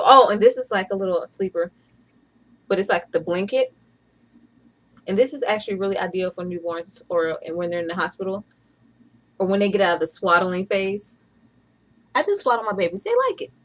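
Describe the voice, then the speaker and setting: A chatty woman in her thirties, from Atlanta, talks casually to her camera. She sounds playful and easygoing, with a voice of ordinary middle pitch. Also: low-quality recording. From Atlanta, USA. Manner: chatty and playful, with bursts of laughter. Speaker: vlogger. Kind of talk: casual vlog chat.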